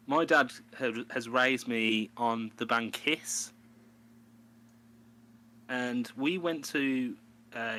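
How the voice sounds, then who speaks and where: A man's voice: medium pitch, bright, forceful tone, a little hiss or hum. A man co-hosting a podcast, chatting casually in a rambling way and laughing often. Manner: rambling, laughs often, puts on a mock New York voice. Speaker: podcast co-host. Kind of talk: casual chat.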